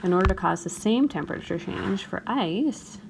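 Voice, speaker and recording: A woman's voice: medium pitch, lively intonation, normal speed, noisy background. A woman teacher talking through a chemistry problem in a recorded screencast lecture, often checking in with her students. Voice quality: morning voice, a bit gravelly.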